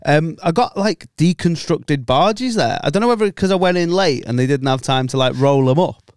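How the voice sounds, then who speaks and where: Man, casual podcast co-host, smooth clear tone, dry close recording. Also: fairly high pitch, expressive, normal speed, darkish tone, no room sound. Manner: laid-back, rambling, laughs often. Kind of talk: casual banter.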